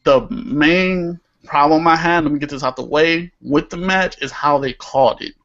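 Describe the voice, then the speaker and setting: A young man with a slightly high voice, co-hosting a wrestling-style chat podcast. He talks animatedly, laughs easily and swears when something annoys him. The audio is muffled and lo-fi. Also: moderate pace, a bit bright. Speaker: podcast co-host. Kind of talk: casual chat.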